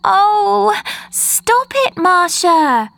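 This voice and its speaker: A woman voicing Maya, a lively, doubting young girl in a storybook, with quick girlish exclamations. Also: very high voice, vocal fry, no echo, pitched above the performer's own voice, exaggerated voice. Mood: scoffing.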